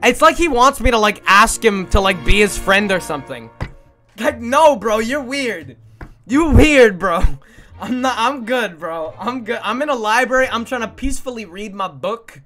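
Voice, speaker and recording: Animated young streamer guy. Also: extremely high pitch, normal speed, soft background music. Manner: animated, swearing, frequent fillers, breaks into laughter. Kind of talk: casual storytelling to chat.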